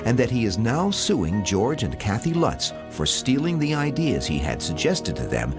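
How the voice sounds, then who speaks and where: A man reading scripted documentary narration in a measured, dramatic delivery. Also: mid-range voice, huge pitch swings, over music.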